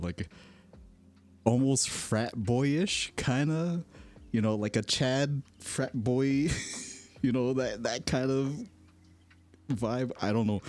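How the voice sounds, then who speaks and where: A man's voice: mid-range voice, a little mellow. A man streaming in casual chat, telling rambling stories and laughing often. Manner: rambling, self-correcting storyteller.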